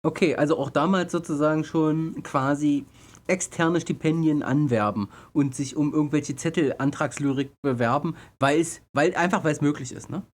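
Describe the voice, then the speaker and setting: A man's voice: on the high side, normal speed. A man streaming live, commenting on a video in a casual, slangy, chatty way.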